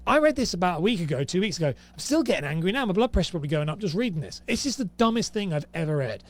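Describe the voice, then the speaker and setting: A young man with a fairly high voice talks casually to camera. He reads rules aloud and answers them with dry, exasperated sarcasm. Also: expressive, quick pace. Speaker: host.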